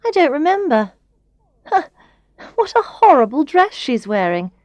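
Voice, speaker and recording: Storybook villainess: a woman doing a shrill, bored, mocking young woman. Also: sing-song, unhurried, a little mellow, dry recording. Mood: bored, sneering. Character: haughty glamorous young woman, loud and mocking.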